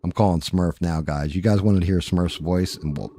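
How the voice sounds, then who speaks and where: A man's voice: low-pitched, normal speed, mellow, no room sound, studio quality. A man hosting a live stream, chatting casually and rambling to viewers with frequent profanity, into a microphone. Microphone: studio microphone.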